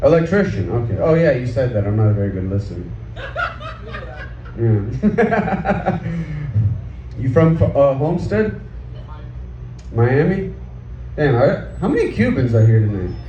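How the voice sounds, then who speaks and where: A man's voice: medium pitch, big pitch swings, unhurried, long pauses, dark tone. A male stand-up comedian doing an outdoor set, chatty and crude, trading questions with the crowd. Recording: echoey, distant, dull sound with faint background noise.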